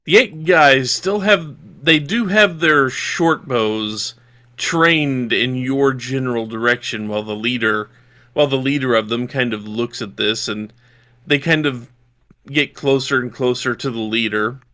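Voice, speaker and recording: A man's voice: mid-range voice, measured pace, sharp tone. A man from Yorkshire narrating a tabletop game as game master, describing scenes and checking rules aloud.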